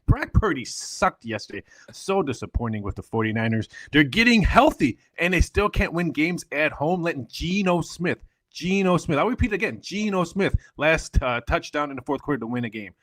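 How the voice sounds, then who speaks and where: A man on a sports talk show telling a story in an exasperated, animated way. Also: on the high side, moderate pace, hardly any pauses, no echo. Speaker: show panelist.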